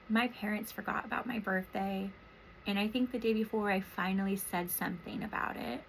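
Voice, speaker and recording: Woman in her thirties, therapist, reflective monologue, soft and emotional, rambling with fillers, middle pitch, faint background hiss. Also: fairly even intonation, brisk, vocal fry, low-quality recording. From Washington State, US. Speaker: therapist and podcast host.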